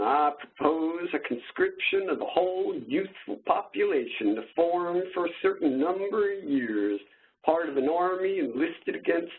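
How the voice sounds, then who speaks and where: A man putting on a slow, drawling old-timey voice for an early 1900s philosopher, over tinny phone-like webinar audio. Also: on the high side, slight background noise.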